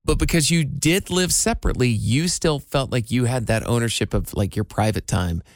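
A man's voice: medium pitch, moderate pace, no echo, clean studio sound. A man co-hosting a casual radio show, chatting in an easygoing, playful way. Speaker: radio co-host.

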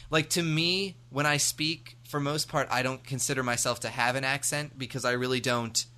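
A man's voice: medium pitch, fairly even intonation, normal speed, sharp tone. An American man co-hosting a podcast, chatting casually in a rambling, jokey way with many fillers. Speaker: podcast co-host. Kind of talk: casual chat.

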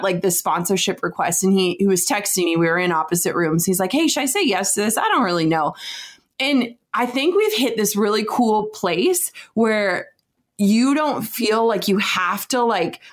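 Chatty woman co-hosting a couple's chat. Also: medium pitch. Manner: chatty, laughs often, says "like" a lot. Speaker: podcast co-host.

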